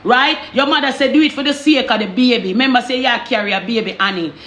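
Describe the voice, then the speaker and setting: Animated Jamaican woman telling a story. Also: on the high side, fast talker, reverberant. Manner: animated, repetitive, asks "you understand me?". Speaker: storyteller vlogger. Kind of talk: casual storytime in patois.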